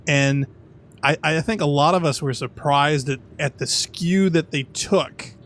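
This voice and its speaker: A man's voice: a little high, unhurried, a bit bright, a little hiss or hum. A man co-hosting a game playthrough podcast, chatting casually and rambling with repeated words and frequent laughs. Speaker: let's play podcast co-host. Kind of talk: casual gaming commentary chat.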